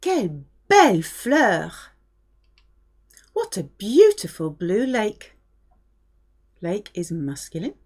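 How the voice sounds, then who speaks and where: Slow, lively woman teaching. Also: medium pitch. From France. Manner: clear, patient explaining with modelled French phrases. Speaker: French teacher. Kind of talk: language lesson.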